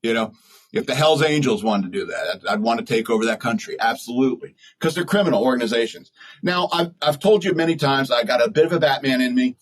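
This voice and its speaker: A man holds forth on his own podcast with a husky, slightly rough voice. He rambles bluntly and chuckles at his own jokes as he goes. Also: mid-range voice, fast talker, low-quality recording. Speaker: podcast host. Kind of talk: opinionated solo talk.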